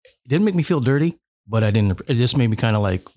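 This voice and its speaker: A man's voice: medium pitch, lively intonation, brisk, darkish tone, no echo, studio quality. A man co-hosting a casual podcast chat, rambling with many restarts and stammers.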